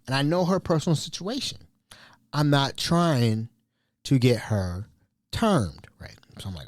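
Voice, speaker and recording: A man's voice: normal speed, no echo, clean studio sound. A man hosting a podcast, telling a story in a casual monologue and acting out the quotes. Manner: animated, acts out quotes with big pitch jumps. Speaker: podcast host.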